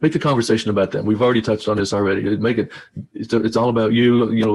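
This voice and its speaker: Husky-voiced man giving a webinar talk. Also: lowish voice, fairly even intonation, fast. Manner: conversational, repeats himself. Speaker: speaker. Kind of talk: webinar presentation.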